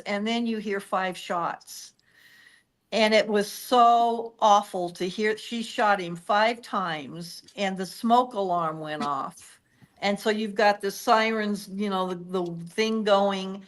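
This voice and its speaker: A woman co-hosting a true-crime podcast, retelling the case in steady, detailed storytelling. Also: mid-range voice, slow.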